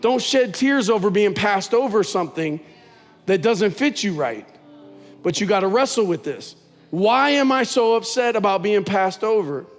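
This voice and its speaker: A man's voice: high-pitched, expressive, moderate pace, big-room sound. A man preaching a sermon as pastor, talking conversationally and telling stories with animation.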